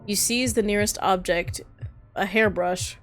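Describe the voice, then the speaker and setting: A woman's voice: medium pitch, fairly even intonation, a little slow, soft background music. A woman streamer reading a horror visual novel aloud, with dramatic delivery broken by startled asides.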